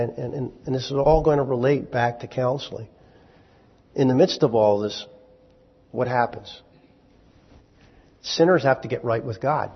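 In an echoey church hall with dull lo-fi sound, a man with a husky mid-range voice preaches to a congregation. His sermon is conversational and wry, packed with rhetorical questions and asides.

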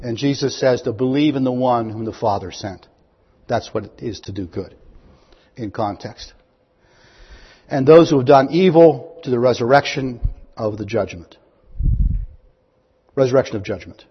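Man, preacher, sermon, slightly husky, emphatic proclamations, questions to listeners, muffled hall recording. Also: normal speed, long pauses. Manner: emphatic, rises to loud high proclamations; reads scripture aloud, then questions the listeners. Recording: dull, long-echo hall recording.

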